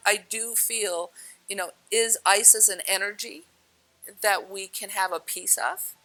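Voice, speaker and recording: A woman telling personal stories in a casual, animated way, laughing often and acting out the dialogue. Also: mid-range voice, normal speed, low-quality recording. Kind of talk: casual spoken storytelling.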